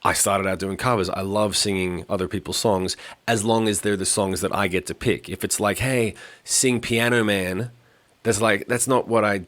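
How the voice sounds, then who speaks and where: Blunt, profane man, low voice. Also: fairly even intonation, brisk, a bit bright. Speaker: podcast co-host. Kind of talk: casual podcast chat.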